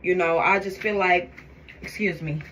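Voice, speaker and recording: A woman vlogging to her phone camera, talking in a forceful, preachy, emphatic way about faith. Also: fairly low pitch, steady tone, normal speed, a little hiss or hum. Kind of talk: faith-filled get-ready-with-me vlog.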